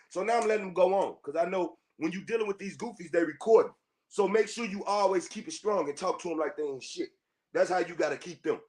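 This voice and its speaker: A man on a podcast, his voice sitting a little higher than most men's. He rants to his audience in a heated, profane, confrontational way, doubling back and repeating phrases as he talks. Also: a little mellow. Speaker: podcast host. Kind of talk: heated monologue rant to listeners.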